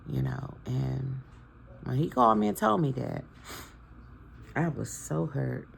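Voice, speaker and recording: A woman vlogger in her fifties talks to her followers in a casual, heartfelt, somewhat preachy way, growing emotional about her family. Her voice is very deep and expressive, with vocal fry, and she takes it slowly. There's slight background noise in this casual heartfelt talk to camera.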